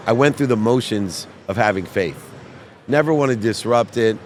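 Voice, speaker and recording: Animated storytelling man outdoors. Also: medium pitch, moderate pace, a little hiss or hum. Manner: animated, acts out voices in his stories. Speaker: podcast guest. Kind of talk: emotional storytelling.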